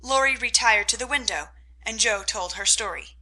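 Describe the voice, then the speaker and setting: A woman reading a classic novel aloud as audiobook narrator, in a clear storytelling manner. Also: fairly high pitch, moderate pace, sharp tone, low-quality recording. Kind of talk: scripted narration.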